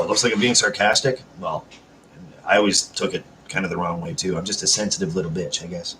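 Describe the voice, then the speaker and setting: Man streamer, lowish voice, rambling and foul-mouthed, chats at home with faint noise behind. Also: fairly even intonation, fast. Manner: rambling, profane, swears constantly; chatty, reads out and answers chat messages. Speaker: live-stream host. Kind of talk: casual live-stream chat with viewers. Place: at home, seated.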